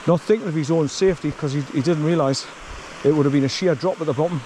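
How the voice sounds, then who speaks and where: A man's voice: a little high, fast talker, background noise. Weary man pushing through bracken. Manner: blunt, swears, talks to his dog between remarks. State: tired from wading through bracken. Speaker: vlogger. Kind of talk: walking commentary to camera. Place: outdoors on an overgrown rural path.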